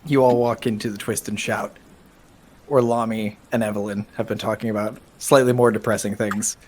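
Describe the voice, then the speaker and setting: A man's voice: fairly low pitch, flat delivery, normal speed, darkish tone, slight background noise. A man narrating as game master in a casual tabletop game, talking loosely with restarts and laughs. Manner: chatty, laughing, many restarts.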